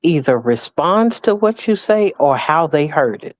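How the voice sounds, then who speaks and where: Slow, measured woman in a panel chat. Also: deep voice, sing-song. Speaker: panel guest.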